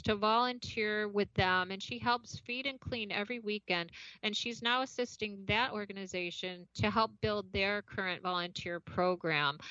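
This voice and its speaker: Woman, podcast host, bright voice, chatty, dry dull recording. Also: medium pitch, smooth, no echo. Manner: chatty, stumbles over words and laughs them off. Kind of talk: interview podcast, reading a guest introduction.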